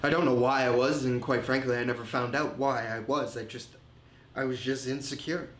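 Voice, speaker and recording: An actor playing a remorseful man confessing his drinking and insecurity, telling it slowly and haltingly in a film monologue. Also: medium pitch, steady tone, fairly bright tone, close to an everyday voice. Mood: reflective. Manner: slow, halting, reflective storytelling. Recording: roomy echo.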